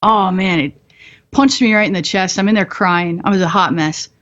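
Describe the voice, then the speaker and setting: A woman's voice: on the low side, moderate pace, fairly bright tone, muffled recording. A woman in her thirties, a podcast guest, candidly telling a hard story with blunt, profane humor and frequent laughs. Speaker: podcast guest, combat veteran.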